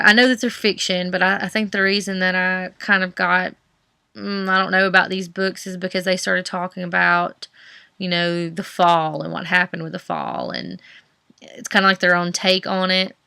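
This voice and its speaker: On her book vlog, a young woman with a Southern US accent chats casually, rambling through plenty of fillers and restarts. Her medium-pitched voice is bright and forceful, clean-toned and recorded dry.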